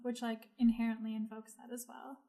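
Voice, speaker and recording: A woman with a somewhat high voice talks casually about a film on a podcast. She often chimes in with quick agreement before picking up her own point. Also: little pitch movement, gravelly, warm tone. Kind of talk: casual movie discussion.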